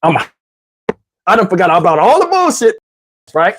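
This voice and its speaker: Animated guy telling a funny dating story, talks right to the crowd. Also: sits high, moderate pace, a little hiss or hum. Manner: animated, talks to the audience, mimics voices. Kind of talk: stand-up storytelling.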